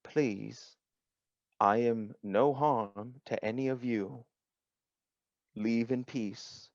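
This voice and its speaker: A man voicing a gentle, wary female android, speaking quietly and slowly in a low, gravelly voice. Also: no echo. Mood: pleading. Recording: dull lo-fi sound.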